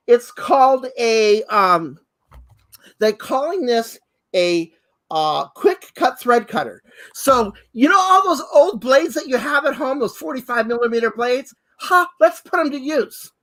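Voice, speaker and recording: A man's voice: very high voice, fairly bright tone. A man, a costume designer and co-host, showing off sewing tools in an exuberant chat full of exclamations. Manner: exuberant, exclaims and repeats "fabulous" and "hello". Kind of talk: enthusiastic product demo chat.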